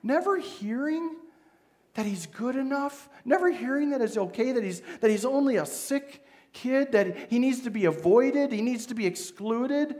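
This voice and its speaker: Midwest pastor guy preaching, really high voice, acts out the story. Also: lively intonation, moderate pace, darkish tone. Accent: Midwestern American. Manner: dramatic retelling, voicing figures in the story. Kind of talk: sermon.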